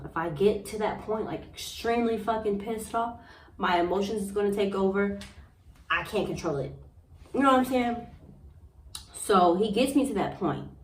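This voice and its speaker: A woman's voice: medium pitch, recorded from a distance, slight background noise. Profane young woman telling her story. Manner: blunt, profane, animated storytelling. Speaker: vlogger. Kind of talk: candid storytime monologue. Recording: roomy echo, a bit off-mic.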